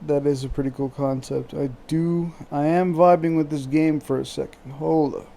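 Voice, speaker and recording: A man's voice: on the high side, fairly even intonation, moderate pace, gravelly, mellow. A man co-hosting a casual game podcast, joking around and drifting off topic. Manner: jokey, goofs off topic, laughs a lot. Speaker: podcast co-host. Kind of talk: casual chat about video games.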